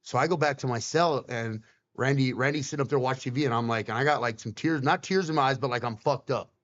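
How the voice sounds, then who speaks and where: Man telling a rough story, swearing freely. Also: mid-range voice. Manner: swearing, quick and animated retelling. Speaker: guest on a podcast. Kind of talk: casual storytelling. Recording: slightly dull, lo-fi sound.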